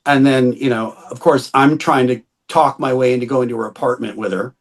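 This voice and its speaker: A middle-aged man telling a long anecdote in a casual interview, animated, acting out the quoted voices and laughing often. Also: medium pitch, brisk. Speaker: interview guest.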